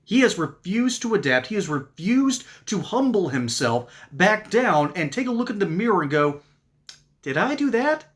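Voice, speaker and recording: A man's voice: high voice, big pitch swings, normal speed, hardly any pauses. A man giving sarcastic, mocking political commentary in an opinion monologue. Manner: reads ad copy.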